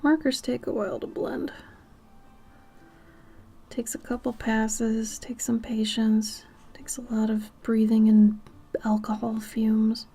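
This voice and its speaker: A woman in her thirties from Minnesota with a light Minnesotan accent, chatting casually on an art livestream while she draws, sometimes murmuring softly as she works. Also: a little high, level tone, takes it slowly, pauses often, breathy edge, faint music behind. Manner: chatty and laid-back, drifting into soft murmurs while working. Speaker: art streamer.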